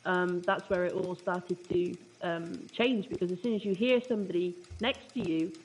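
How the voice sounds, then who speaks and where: A woman's voice: fairly low pitch, steady tone, moderate pace, a little hiss or hum. A woman co-hosting a radio talk show, chatting and musing with enthusiasm. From United Kingdom. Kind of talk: casual radio chat.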